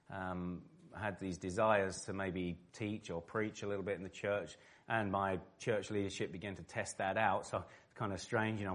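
Middle-aged man from England, lowish voice, animated storyteller, interview guest. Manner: animated, vivid storyteller who laughs often. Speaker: former footballer and pastor, interview guest.

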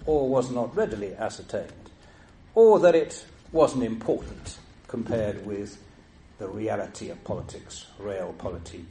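An older man, a former judge giving a lecture full of anecdotes, in a dry, measured way with self-mocking wit. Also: on the low side, lively intonation, warm tone, a little hiss or hum.

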